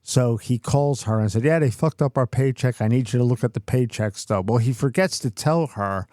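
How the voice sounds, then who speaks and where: This middle-aged podcast co-host has a mid-range, slightly mellow voice at normal speed, captured in a dry, clean studio recording. In casual chat, he tells a workplace story with cursing and ranting.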